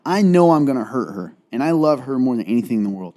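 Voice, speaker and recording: A man's voice: medium pitch, big pitch swings, fast talker, dark tone. A man co-hosting a candid faith-based conversation, earnest and rambling, close to tears as he speaks. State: tearful, close to crying. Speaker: podcast co-host.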